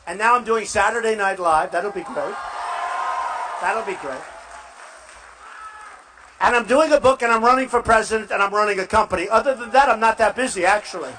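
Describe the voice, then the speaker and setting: A man's voice: high-pitched, sharp tone, slightly rough. A man running for president gives a rambling, boastful campaign rally speech to a live crowd and repeats himself often. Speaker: presidential candidate.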